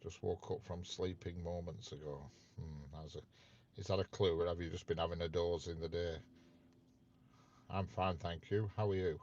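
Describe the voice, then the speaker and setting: A man chats casually on a live stream, teasing his viewers with questions. His voice sits very low. The audio is muffled and lo-fi. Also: fairly even intonation, moderate pace, a little mellow. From north of England. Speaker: livestream host chatting with viewers.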